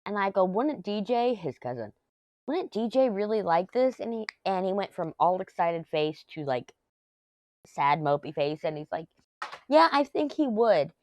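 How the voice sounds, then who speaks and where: A woman's voice: fairly low pitch, lively intonation, moderate pace, warm tone, slight background noise. A middle-aged woman, chatting and telling rambling family stories while she works on a craft at home. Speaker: craft vlogger. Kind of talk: casual chat while crafting.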